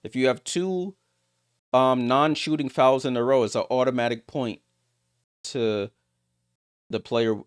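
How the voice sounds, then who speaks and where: A man giving live play-by-play of a basketball game as a streamer, getting louder on big plays and greeting viewers in the chat. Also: measured pace, pauses often, clear, resonant tone, no room sound, clean studio sound. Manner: rises sharply in pitch and volume on big plays.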